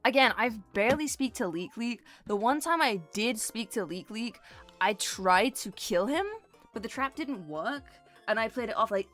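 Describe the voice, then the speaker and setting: A woman's voice: a little high, animated, moderate pace, fairly bright tone, faint music behind. Chatty woman streaming, giggles a lot, goes off on tangents, really bouncy voice. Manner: rambling and giggly, drifts into tangents. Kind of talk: casual livestream chat with viewers.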